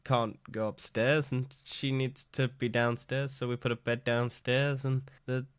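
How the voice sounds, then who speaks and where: A man's voice: medium pitch, level tone, measured pace, smooth, no echo. A man who is sick, co-hosting a podcast in casual chat, rambling and joking with lots of fillers and laughs. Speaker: podcast co-host. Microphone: studio microphone.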